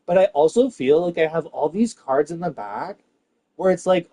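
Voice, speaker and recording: A man with a fairly high voice ranting straight to his viewers. His rambling, profane monologue lurches from loud outbursts to low, muttered asides. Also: animated, moderate pace. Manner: rambling and profane, swings between loud and hushed.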